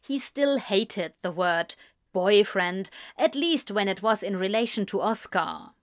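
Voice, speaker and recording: A woman reading a story aloud in measured, gentle scripted narration. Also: mid-range voice, animated. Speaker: audiobook reader.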